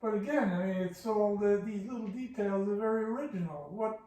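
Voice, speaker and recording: A man's voice: sits high, mellow. A man teaching classical Persian poetry, patiently explaining its meter and sounding out each syllable. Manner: slow, careful scansion, sounding out syllables. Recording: echoey room, voice from a distance.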